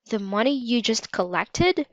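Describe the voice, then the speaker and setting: A woman's voice: on the high side, expressive, measured pace, no echo. A woman reading the lines of an insistent, suspicious young boy in a storybook. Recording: slightly dull lo-fi recording.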